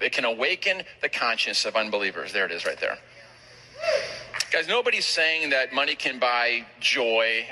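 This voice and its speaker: A man pastor telling a personal story in a sermon, animated, with quick asides to the crowd. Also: medium pitch, rough recording. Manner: animated, rapid anecdotal preaching with asides to the crowd.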